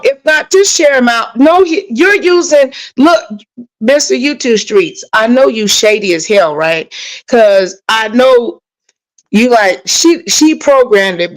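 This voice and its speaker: Woman, livestream host, AAVE, higher voice, emotional, on a rant, talking back to chat. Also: low-quality recording.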